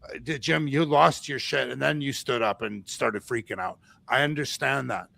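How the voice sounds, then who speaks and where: A man from Canada hosting a casual chat, rambling through animated stories and acting out quoted voices. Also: medium pitch, normal speed, creaky. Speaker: podcast host.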